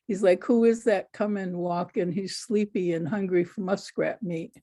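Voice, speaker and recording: A woman storyteller answering audience questions over a video call in an unhurried, easygoing way. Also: fairly low pitch, fairly even intonation, mellow.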